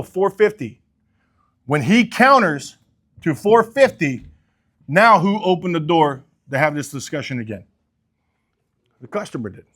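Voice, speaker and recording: Animated, blunt middle-aged male sales coach. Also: on the high side. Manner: blunt, animated, swears casually, asks the group questions. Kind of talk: sales training talk with role-play.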